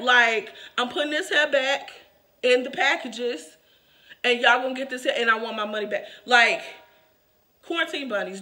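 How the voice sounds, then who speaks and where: A woman's voice: fairly high pitch, moderate pace, sharp tone. A woman hosting a casual wig review vlog, talking straight to her viewers in an exasperated, emphatic way and laughing through her complaints. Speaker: wig reviewer and channel host.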